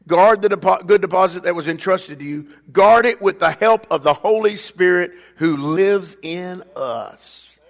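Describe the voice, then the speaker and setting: Older male pastor, high-pitched, preaching in a reverberant church sanctuary; dynamic delivery from quiet asides to loud emphasis. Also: measured pace, gravelly, hardly any pauses. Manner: preaching with call-and-response, swinging between loud emphatic bursts and quiet asides. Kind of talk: sermon. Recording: long reverb of a church hall.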